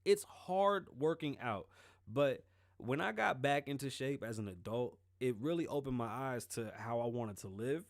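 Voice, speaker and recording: A man hosting a podcast, talking casually and swearing freely as he tells stories in an animated way. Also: mid-range voice, moderate pace, dry recording, studio quality. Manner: profane, animated storytelling. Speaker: podcast host.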